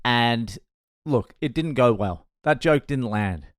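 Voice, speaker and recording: A man's voice: mid-range voice, animated, slow, no echo, studio quality. A man with an Australian accent, a comedian telling a crude, laid-back story. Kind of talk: storytelling podcast.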